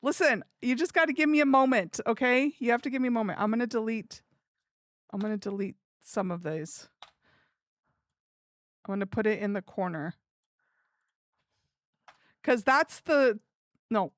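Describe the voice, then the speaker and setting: A woman's voice: a little high, moderate pace, pauses often, no room sound, clean studio sound. A young woman streaming live, chatting casually to her viewers and giggling as she works things out. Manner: giggly, chatty, talks to herself while working. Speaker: livestream streamer.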